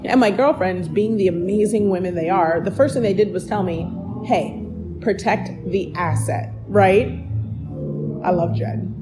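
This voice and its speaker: A woman's voice: mid-range voice, normal speed. Earnest woman podcaster over music. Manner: earnest, encouraging, speaks straight to listener. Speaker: podcast host. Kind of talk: personal storytelling monologue. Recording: music playing behind the voice.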